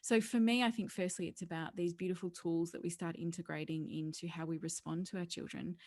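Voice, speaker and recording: A woman's voice: fairly low pitch, steady tone, a little fast, darkish tone. A woman, a parenting educator talking earnestly as an interview guest and telling stories. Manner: earnest, storytelling, laughs often; acts out quoted voices. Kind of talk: conversational interview.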